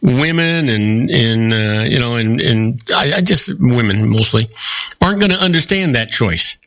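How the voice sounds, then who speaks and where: A middle-aged man hosting a casual radio talk show, chatting and telling jokes with lively voices. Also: mid-range voice, unhurried, rough recording. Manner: storytelling with lively joke voices.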